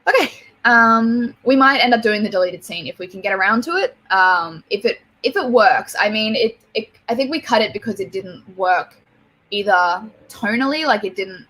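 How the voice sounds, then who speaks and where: A woman's voice: medium pitch, expressive, moderate pace, sharp tone, breathy edge. A young adult Australian woman hosting a livestream, chatting casually, rambling with lots of fillers and swearing freely. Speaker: livestream host.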